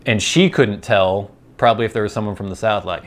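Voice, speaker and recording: With a lowish voice and a slightly quick delivery, this American vlogger muses out loud. The monologue is relaxed and meandering, sprinkled with jokes at his own expense.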